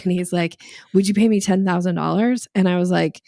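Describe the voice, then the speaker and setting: A woman's voice: medium pitch, a little fast, dry recording, clean studio sound. A middle-aged woman, a podcast guest, tells a story in casual chat, laughing often and acting out what people said. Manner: animated storyteller, laughs often, acts out quoted dialogue.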